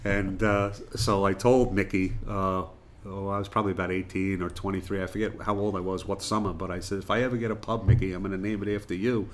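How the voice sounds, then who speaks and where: Man, very low pitch, chatty storyteller, uh-filled casual talk, faint room hum. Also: fairly even intonation, fairly quick. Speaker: guest, retired firefighter and pub owner.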